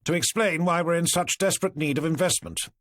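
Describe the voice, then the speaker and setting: A man voicing a blustering, jovial police superintendent with a booming, ingratiating manner, in an audiobook reading. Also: brisk, a bit bright, no room sound, clean studio sound, close to an everyday voice. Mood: flustered, fawning.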